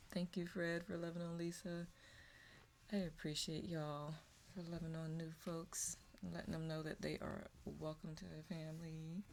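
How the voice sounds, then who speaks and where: A woman's voice: lowish voice, creaky. A woman hosting a meditation livestream, chatting casually, greeting viewers by name and laughing often. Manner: warm, affectionate, laughs often, reads out chat names. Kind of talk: casual livestream chat reading viewer comments.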